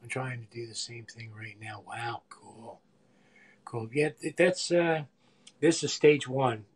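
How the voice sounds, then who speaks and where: Older guy rambling on a live cooking stream, husky voice, mumbles to himself in his kitchen. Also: mid-range voice, steady tone, takes it slowly. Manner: chatty, meandering, drifts into mumbles and asides. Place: home kitchen.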